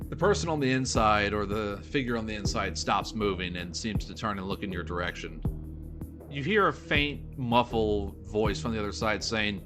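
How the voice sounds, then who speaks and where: A man with a low voice runs a tabletop horror game. He describes places and people at an easy pace, dropping casual fillers along the way. Clear music plays beneath his narration. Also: normal speed. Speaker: game master.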